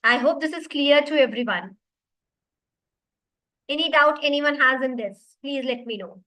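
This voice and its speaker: Bright high-voiced woman teaching online. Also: a little slow, rough recording. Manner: explanatory, repeats points, addresses students. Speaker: web development teacher. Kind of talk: online class lecture.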